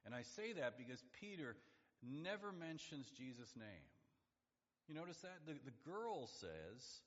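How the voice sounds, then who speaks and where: A man's voice: sing-song, measured pace. A pastor preaching an expository sermon with emphasis, acting out quoted lines by lifting his voice. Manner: emphatic, acts out quoted lines with rising pitch. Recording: dull lo-fi audio with long hall reverb.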